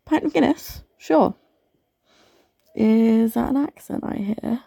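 Gravelly flirty barmaid played by a woman, teasing, slow-talking, dark dry voice, audio role-play. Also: fairly high pitch, no room sound, full character voice. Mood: flirty, chatty.

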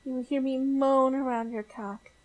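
A woman playing a high, breathy, pleading elf. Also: fairly even intonation, normal speed, close to an everyday voice, poor audio.

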